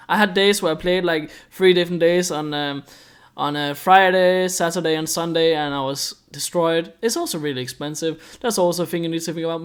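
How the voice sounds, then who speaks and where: A young man from Denmark, explaining a hobby in a rambling, chatty way with many fillers. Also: a little high. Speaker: airsoft YouTuber. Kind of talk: casual explainer vlog.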